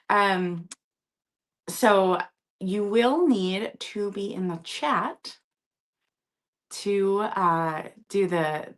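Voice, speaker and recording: A woman hosting a live-stream vintage sale, chatty and casual, often checking in with her viewers. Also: medium pitch.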